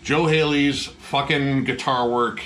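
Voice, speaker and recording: A man casually reviewing a metal album with excited energy, swearing often and filling his talk with "like". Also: medium pitch, takes it slowly, a little hiss or hum. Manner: excited, swears a lot, many "like" fillers.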